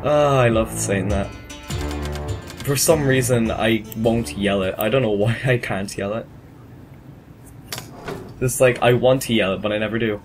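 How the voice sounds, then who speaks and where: A man's voice: lowish voice, unhurried, long pauses. A man hosting a casual let's-play video, chatting freely and swearing as he goes. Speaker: gaming video host. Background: game music.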